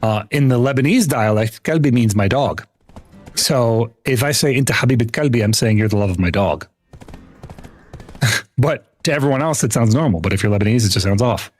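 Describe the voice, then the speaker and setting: A man's voice: mid-range voice, lively intonation, fairly quick. A young man chatting casually with viewers while livestreaming a game, rambling with lots of restarts and easy laughs. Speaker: gaming livestreamer. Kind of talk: casual chat while gaming.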